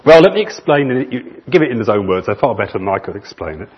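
A man preaching a sermon in an earnest manner, stretching key phrases slowly for emphasis. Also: mid-range voice, sing-song, slightly rough. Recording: muffled lo-fi recording.

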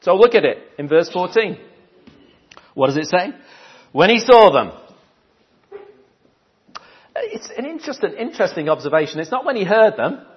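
A man with a fairly high voice preaches to his congregation in a relaxed, conversational way. He asks the room questions, then repeats his key phrases for weight. The recording sounds dull and lo-fi. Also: moderate pace, pauses often. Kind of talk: sermon.

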